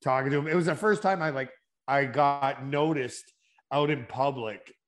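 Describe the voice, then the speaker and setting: Swearing, animated male podcast co-host. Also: mid-range voice, moderate pace. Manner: animated storyteller, swears freely. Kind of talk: casual chat.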